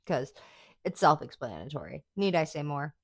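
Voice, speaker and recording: Host: woman, low voice, dry close sound, swears freely, gushing fan chatter. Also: lively intonation, normal speed, husky, no room sound. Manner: chatty, profane, enthusiastic fan talk with many "like"s. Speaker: podcast host. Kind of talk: casual chat.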